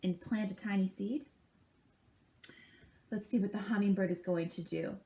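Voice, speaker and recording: A woman's voice: medium pitch, normal speed, warm tone. A woman reading a picture book aloud to children at a library, stopping to chat and imitate bird calls with them. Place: library program.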